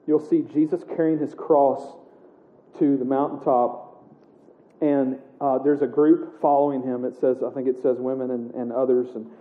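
A man preaching a sermon in a casual, animated way, acting out the scripture he reads aloud. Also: medium pitch, moderate pace. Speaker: pastor. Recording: echoey room heard over a tinny narrow line.

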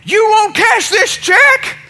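A man acting out an angry, bullying man who shouts at a bank manager during a sermon story. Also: very high-pitched, fast talker, voice pushed up, exaggerated voice. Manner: shouting, aggressive.

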